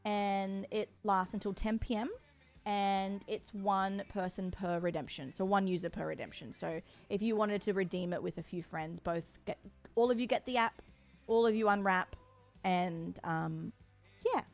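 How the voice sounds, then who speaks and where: A young woman with a soft Australian accent chatting casually on a live stream. She is bubbly and chatty, gushes with excitement, and fills pauses with frequent ums. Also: mid-range voice, faint music behind. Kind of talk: casual live-stream chat with a sponsor read.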